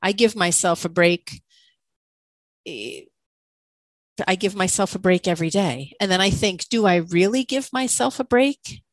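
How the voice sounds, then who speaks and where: A woman's voice: mid-range voice, measured pace, long pauses, no echo, low-quality recording. A woman co-hosting a podcast, a coach, talking candidly and questioning herself, with frequent laughter. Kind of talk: reflective conversational podcast talk.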